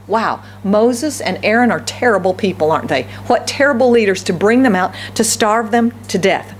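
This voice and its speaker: A woman's voice: fairly high pitch, normal speed. A woman pastor giving a conversational sermon, often asking the congregation questions. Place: church service.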